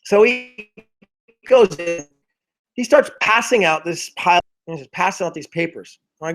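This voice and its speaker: A man speaking as a motivational speaker to a group call, telling a personal story with lively bursts and frequent restarts. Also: sits high, moderate pace. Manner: animated, acts out his past self in quotes, many restarts.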